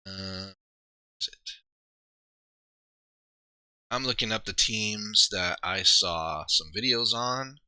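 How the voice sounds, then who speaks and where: Bright-voiced man rambling on stream. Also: lowish voice, slow pace, pauses often, clean tone, dry recording. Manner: rambling, thinking aloud with many fillers and restarts. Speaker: streamer and league player. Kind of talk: casual livestream chat.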